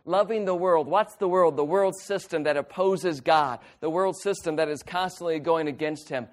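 A man's voice: fairly high pitch, normal speed. A young man preaching a sermon to a youth group, emphatic and acting out little quoted voices. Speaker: youth pastor.

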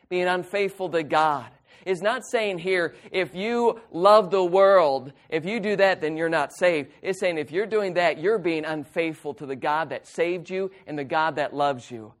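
A man's voice: on the high side, normal speed. A young man preaching a sermon to a youth group, emphatic and acting out little quoted voices. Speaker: youth pastor.

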